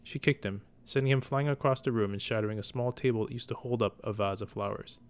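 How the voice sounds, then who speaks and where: A man reading a story aloud as narrator, in a measured, even manner. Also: medium pitch, clean tone.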